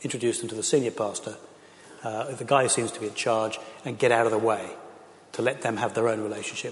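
A man's voice: mid-range voice, steady tone, fast. A middle-aged man, a pastor, speaking earnestly and with passion to a church audience, with frequent fillers. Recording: echoey hall.

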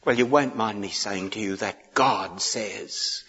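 A man's voice: on the low side, takes it slowly, hardly any pauses, pushed and bright. A man preaching a sermon, mixing humorous storytelling with emphatic, pleading repetitions. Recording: dull echoey hall.

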